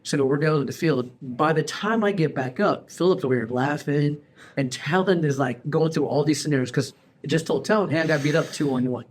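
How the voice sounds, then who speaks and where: A man in his forties hosting a casual podcast chat, telling stories in an animated, slangy way and calling people bro and dude. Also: a little high, brisk. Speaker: podcast host.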